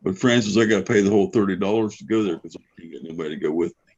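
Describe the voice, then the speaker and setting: A man's voice: low-pitched, racing, darkish tone, dull audio. A man chatting casually about fishing, laid-back as he lists places. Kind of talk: casual chat.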